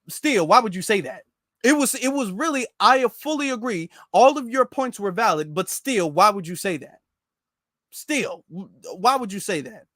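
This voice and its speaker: A man's voice: high-pitched, a bit bright, no echo, studio quality. A man hosting a political commentary show, reacting emphatically to posts and clips and repeating his points straight to the viewers. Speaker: commentary channel host.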